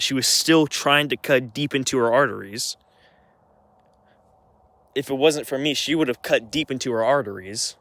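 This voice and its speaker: A man's voice: mid-range voice, normal speed, long pauses, fairly bright tone, dry recording. A young man telling a heated story to camera in an agitated, rambling way, with frequent restarts and swearing. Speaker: vlogger.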